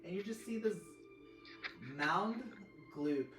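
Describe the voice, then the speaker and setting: A woman narrates a tabletop game slowly and loosely, restarting her phrases as she goes. She sits back from the mic in a roomy space, with music playing behind her. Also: mid-range voice, expressive, far from the mic. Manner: meandering, many fillers and restarts. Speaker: game master.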